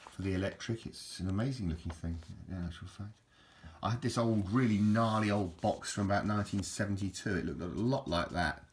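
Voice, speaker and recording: Low rambling man, noisy recording. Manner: rambling, chatty, lots of restarts. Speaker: book reviewer. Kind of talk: casual chat.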